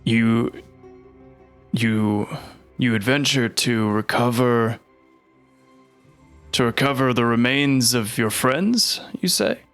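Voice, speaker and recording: A man voicing a stern, suspicious centaur chieftain in a tabletop game, speaking slowly and formally. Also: mid-range voice, fairly bright tone, smooth, faint music behind. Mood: wary, formal. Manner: slow, measured, formal.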